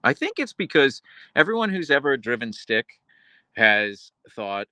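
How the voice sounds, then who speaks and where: A man's voice: medium pitch, very animated, measured pace, sharp tone, no echo. A man hosting a livestream, reading viewer messages and rambling casually with lots of fillers and self-corrections. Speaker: livestream host reading chat.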